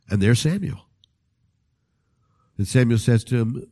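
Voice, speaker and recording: A male preacher tells a scripture story in a lively, swinging voice. He talks straight to his listeners, keeping the sermon casual and conversational. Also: mid-range voice, unhurried, long pauses. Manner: animated, conversational, addresses listeners directly.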